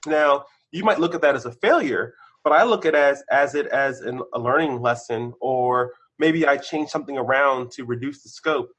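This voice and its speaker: A man, a guest on a podcast, telling candid stories about his career, his voice shooting up when excited and dropping low when reflective. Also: normal speed, few pauses, slightly rough. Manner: animated storyteller, bursts of excitement, then drops low. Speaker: podcast guest, senior engineer. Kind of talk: candid conversational interview.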